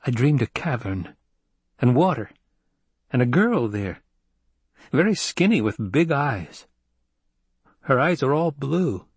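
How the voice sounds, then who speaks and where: A man's voice: medium pitch, very animated, slow, pauses often, breathy edge, no room sound, pitched above the performer's own voice, exaggerated voice. A man voicing a wary, stubborn teenage boy in an audiobook reading, answering in a guarded, terse way.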